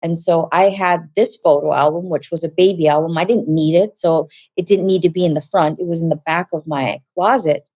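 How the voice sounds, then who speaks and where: A woman shares a personal story as an interview guest, animated and acting out quoted dialogue. Her voice is lowish, she talks a little fast with few pauses, and there is no echo.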